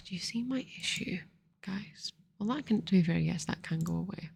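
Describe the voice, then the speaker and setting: A woman host giving soft-spoken ASMR commentary over a card game, rambling to herself in a whisper close to the microphone. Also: mid-range voice, normal speed, gravelly, breathy edge. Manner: softly whispered, rambling self-talk. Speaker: ASMR gaming channel host.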